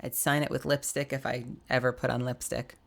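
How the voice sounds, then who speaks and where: A woman's voice: a bass voice, level tone, brisk, gravelly. A young woman streaming live while sick and coughing, chatting casually and greeting viewers by name with frequent laughter.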